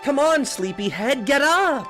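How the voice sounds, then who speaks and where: A man's voice: very high voice, animated, a little slow, over music, voice pushed up. A man voicing a fussy middle-aged mother who scolds her sleepy son in a singsong way. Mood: nagging.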